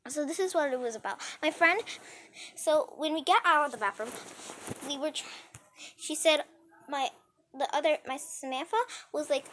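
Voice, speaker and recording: A woman's voice: fairly high pitch, moderate pace, fairly bright tone. A woman telling a rambling story in a casual storytime style, with frequent restarts and acted-out dialogue.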